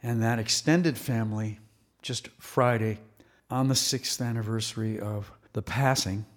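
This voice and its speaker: A man presenting broadcast commentary in a deliberate, measured way. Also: fairly low pitch.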